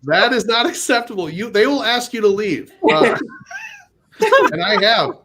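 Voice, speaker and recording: A man in his forties performs a loose stand-up set, his voice sitting fairly high for a man. He rambles through stories full of fillers and restarts, mocking himself and chuckling at his own jokes. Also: very animated, a little slow, bright, forceful tone. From Minnesota. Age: 40s. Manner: rambling, self-deprecating, with nervous laughs and many fillers. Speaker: stand-up comedian.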